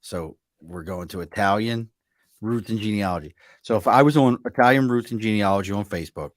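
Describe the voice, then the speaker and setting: A man's voice: lowish voice, fairly quick, no echo, clean studio sound. A man hosting a podcast in casual chat, joking and self-mocking as he talks. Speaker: podcast host.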